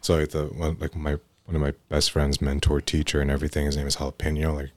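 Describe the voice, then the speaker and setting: A young man with a strikingly deep, low voice tells work stories on a podcast in a loose, rambling way. He keeps restarting his sentences and tacks "right?" onto them. The sound is dry and close, with no room echo. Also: completely flat delivery, quick pace. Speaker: guest EMT telling stories. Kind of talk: casual podcast storytelling.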